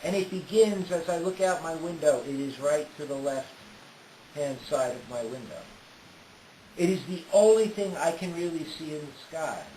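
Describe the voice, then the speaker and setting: A man telling a detailed first-person story in an unhurried way, often pausing on "uh". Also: fairly high pitch, mellow. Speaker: storyteller recounting a trip. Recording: roomy with faint hiss.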